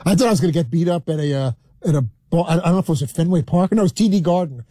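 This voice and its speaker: A man with a New York accent, a regular on a radio show, telling a story in halting bursts with many restarts. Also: on the high side, warm tone, slightly rough, dry recording. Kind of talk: rambling storytelling.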